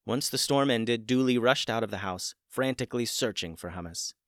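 A man narrating a children's story in a gentle, plain way. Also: medium pitch, normal speed, dry recording, studio quality.

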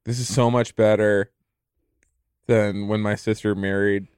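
A man's voice: fairly low pitch, flat delivery, a little slow, a little mellow, smooth, dry recording, clean studio sound. A man co-hosting a comedy podcast, rambling and chuckling as he talks. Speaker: podcast co-host. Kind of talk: casual comedic banter.

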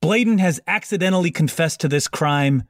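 A man's voice: a little high, dry recording, clean studio sound, lightly acted. A man doing a grandstanding courtroom prosecutor. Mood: smug. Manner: grandstanding, slow dramatic pauses. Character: smug, theatrical male prosecutor.

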